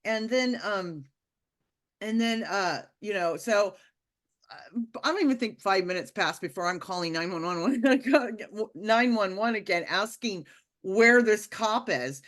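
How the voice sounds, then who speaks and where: Animated woman telling a spiritual story. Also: medium pitch. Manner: animated, acts out quotes, laughs often. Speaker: podcast guest telling a testimony. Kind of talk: casual storytelling.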